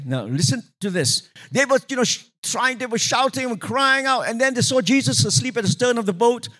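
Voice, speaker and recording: High-voiced preacher man. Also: a little fast, hardly any pauses. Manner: animated storytelling, acting out quoted voices, sudden pitch jumps; asks the congregation for responses. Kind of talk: sermon.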